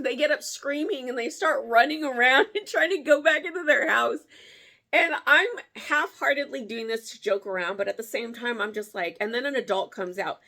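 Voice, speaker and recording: A woman vlogger telling a story in a casual way, animated, laughing often and jumping her voice up to act out what people said. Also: measured pace. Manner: animated, acts out quotes with big pitch jumps.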